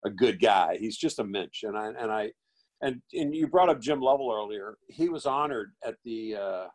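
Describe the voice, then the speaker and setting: Middle-aged guy spinning a loose animated anecdote, keeps restarting his sentences. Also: fairly low pitch, normal speed, low-quality recording. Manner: rambling, animated storyteller who restarts phrases and acts out quoted voices. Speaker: guest actor. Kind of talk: casual anecdote telling.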